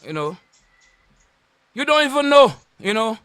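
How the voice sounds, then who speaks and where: A man's voice: very high voice, very animated, a little slow, fairly bright tone, clear, resonant tone, no room sound, studio quality. A man with a Saint Lucian accent, a radio host delivering a confrontational on-air rant full of insults and repeated warnings.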